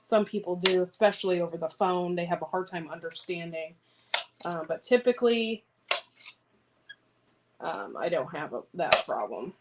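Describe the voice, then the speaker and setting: A woman's voice: lowish voice, animated, normal speed, pauses often. A woman chatting casually on a homesteading vlog, rambling and answering viewer comments while she cuts beans in her home kitchen. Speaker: homesteading vlogger. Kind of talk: casual livestream chat. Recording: clear background noise with clicks.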